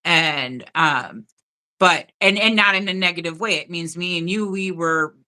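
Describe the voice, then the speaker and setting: A woman's voice: lowish voice, unhurried, sharp tone. A woman hosting a spiritual live stream, talking earnestly and directly to her viewers in casual chat.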